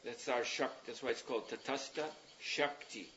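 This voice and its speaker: A man giving a spiritual talk, working through ideas in a roundabout, reflective manner and pausing to search for words. His voice sits at a middle pitch. The lo-fi recording sounds dull, with a faint hiss behind it. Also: fairly even intonation, a bit bright. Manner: thoughtful, meandering, pauses with um and uh. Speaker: spiritual teacher leading a class. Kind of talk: explanatory religious discourse.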